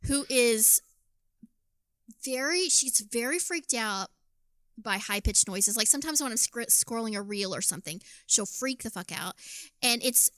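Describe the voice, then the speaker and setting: Chatty woman co-host, storyteller, fairly high and bright, dry close mic. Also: unhurried, no room sound. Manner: chatty, animated storytelling with frequent swearing. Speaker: podcast co-host. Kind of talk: casual chat.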